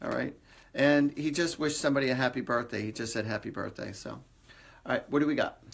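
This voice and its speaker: A man's voice: medium pitch, fairly even intonation, brisk, vocal fry, breathy edge. A man hosting a live stream, giving psychic readings in a rambling, conversational way with lots of fillers. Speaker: psychic medium host.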